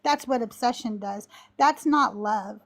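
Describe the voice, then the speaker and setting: A woman's voice: fairly high pitch, measured pace. Fiery, swearing woman podcast host. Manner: animated, interrupts, swears when angry. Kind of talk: heated debate chat.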